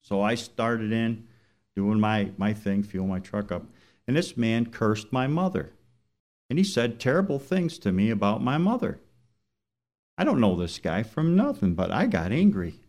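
A man's voice: lowish voice, very animated, measured pace, a little mellow. A man, a truck driver, telling a story in plain conversational speech during a church service, then turning it into preaching questions. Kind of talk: storytelling sermon testimony.

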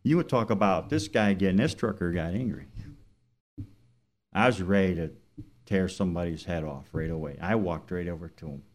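A man with a fairly low voice gives a testimony in church. He tells his story in a plain, everyday way, then moves into preaching with questions put to the congregation. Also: moderate pace. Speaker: truck driver giving a church testimony.

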